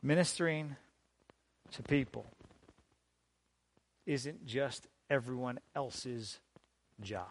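A man preaching a sermon as pastor, emphatic and deliberate, with dramatic pauses and strong swings in loudness. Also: mid-range voice.

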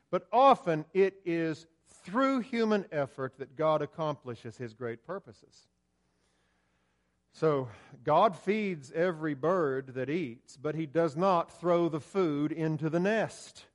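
A man preaching a sermon, building to loud emphatic peaks and dropping low and slow.

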